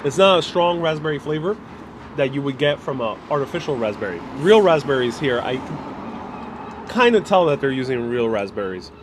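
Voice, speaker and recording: A man's voice: medium pitch, big pitch swings, normal speed. A man live-streaming as he walks through a city, chatting casually and thinking aloud, recorded on a phone outdoors. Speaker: live-stream travel vlogger. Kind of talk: casual walking live stream, reading viewer comments. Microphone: phone held while walking. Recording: outdoor street noise. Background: street noise and traffic.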